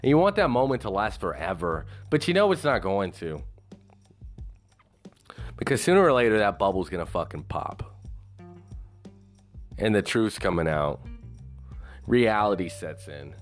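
A man talking casually about a movie in a rambling monologue, swearing freely and filling gaps with "you know" and "like". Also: lowish voice. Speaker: movie reviewer.

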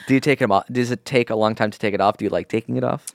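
A man hosting a podcast, chatty and quick with questions, reading listener letters aloud. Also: fairly low pitch, vocal fry, no room sound. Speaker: podcast host. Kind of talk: casual podcast chat.

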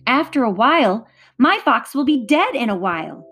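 A woman's voice: fairly high pitch, big pitch swings, moderate pace, fairly bright tone, husky, soft background music, heavily acted. A woman voicing an upset young boy who pleads in a rising voice, close to tears. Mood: frustrated.

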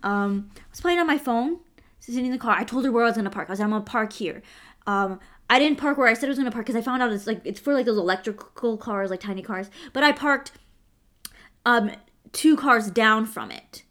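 A woman's voice: a little high, brisk, fairly bright tone. Earnest young woman telling a story. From United States. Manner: earnest storytelling with many "like" fillers. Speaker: guest. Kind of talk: casual podcast conversation.

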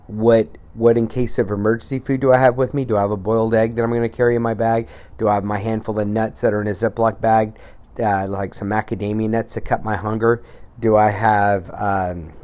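A man's voice: fairly low pitch, a little mellow. A man hosting a weight-loss podcast, talking bluntly with tough love and casual swearing. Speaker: podcast host.

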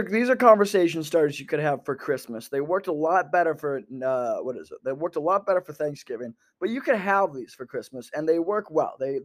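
A young man rambling into a microphone in a sardonic stand-up style, full of fillers. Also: a little high. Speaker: comedian podcaster. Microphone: talking into a microphone.

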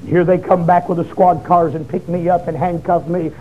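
A man's voice: high voice, little pitch movement, moderate pace, phone-quality sound. Fiery preacher man. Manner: shouting, pleading bursts. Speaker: preacher giving testimony. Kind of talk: fiery testimony sermon.

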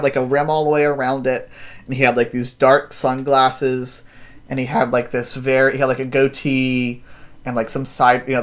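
A man recapping a story in casual chat, rambling with many fillers and acting out quotes. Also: medium pitch. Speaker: podcast host.

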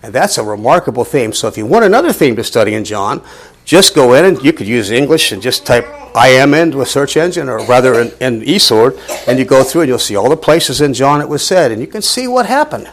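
A man leads a Bible study in a church, his voice swinging widely in pitch as he stresses his points. He talks to the group in a conversational, emphatic way, at a middle pitch for a man. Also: fairly quick. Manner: animated, emphatic, conversational teaching. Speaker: Bible teacher.

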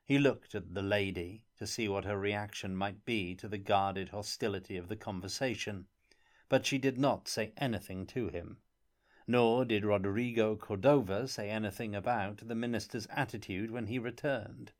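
Male audiobook narrator, lowish voice, measured and even delivery.

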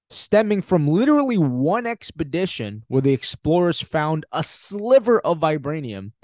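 A man's voice: a little high, darkish tone, no room sound, studio quality. A man hosting a podcast, giving a casual, emphatic film review with frequent swearing and laughter. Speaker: podcast host.

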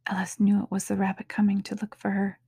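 A woman reading a storybook aloud in an unhurried, soft-spoken way, sometimes dropping to a whisper. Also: mid-range voice, completely flat delivery, creaky, breathy edge, no room sound. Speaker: podcast reader.

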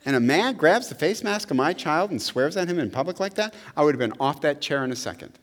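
A middle-aged male pastor preaching a conversational, animated sermon, often checking in with "right?". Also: fairly high pitch, fairly quick. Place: church sanctuary. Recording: long hall reverb.

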